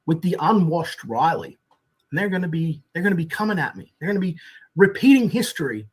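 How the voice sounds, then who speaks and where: A man's voice: a little high, sing-song, a little fast, breathy edge. A man talking casually on a stream, rambling and hesitant with many fillers.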